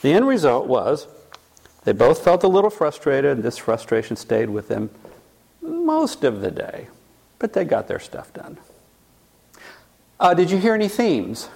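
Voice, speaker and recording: A man's voice: a little high, big pitch swings, normal speed, creaky, darkish tone, husky. A man teaching a class, telling a case story and then asking the audience questions. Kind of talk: storytelling lecture.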